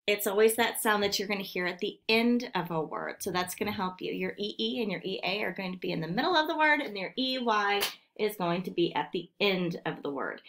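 A woman's voice: medium pitch, expressive, brisk, fairly bright tone. A woman teaching a remote phonics lesson to second graders, patiently sounding out words syllable by syllable.

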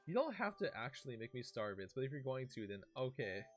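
A man's voice: medium pitch, sing-song, fairly quick, soft background music. A young man streaming a game, reading a storybook aloud and often breaking off to chat and react.

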